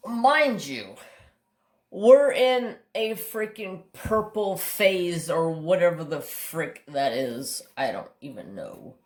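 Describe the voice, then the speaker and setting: A man hosting a crafting channel speaks slowly but very animatedly in a slightly high voice, telling rambling stories at his craft table. He talks openly, swears mildly, and keeps restarting sentences; the recording has a roomy echo.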